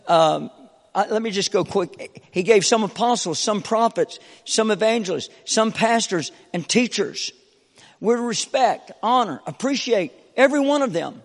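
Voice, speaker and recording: A man preaching a Pentecostal sermon from the pulpit, repeating short call-outs to the congregation and swinging between soft talk and fervent preaching. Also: high voice, in a large hall. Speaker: pastor. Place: church sanctuary.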